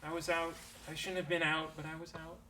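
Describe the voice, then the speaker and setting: A frail male villager speaks in a high, thin voice with faltering, hesitant phrases, as a game master puts him on. The voice is thin and bright. Faint noise hangs behind the tabletop game. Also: flat delivery, fairly quick, recorded from a distance. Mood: weak. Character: sick young male villager, breathless and grateful.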